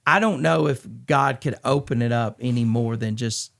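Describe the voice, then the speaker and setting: A middle-aged man from Georgia in the US, speaking as a podcast guest. His mid-range voice has a gravelly edge. He tells his story candidly and earnestly, often stopping to restart a thought. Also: medium pitch, a bit bright. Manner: earnest, halting, frequent restarts and fillers.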